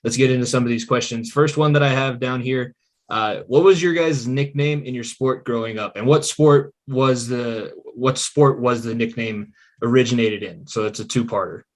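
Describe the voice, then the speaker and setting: A man's voice: medium pitch, moderate pace. Friendly man hosting a podcast chat. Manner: friendly, rambling with restarts. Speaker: podcast host. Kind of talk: casual interview chat.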